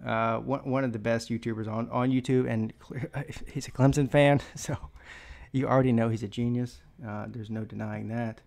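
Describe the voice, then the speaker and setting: Out-of-breath man, sports stream host, loose and joking, mid-pitched voice. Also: steady tone, normal speed, gravelly, a little mellow. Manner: rambling, joking, many fillers. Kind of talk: casual live-stream chat.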